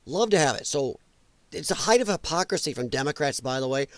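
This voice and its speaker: Male podcast host, heated and crude, mocks opponents in put-on voices; slightly high pitch, dry booth sound. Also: lively intonation, fairly quick, no echo. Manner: angry, profane, mocking impressions. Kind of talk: political commentary rant.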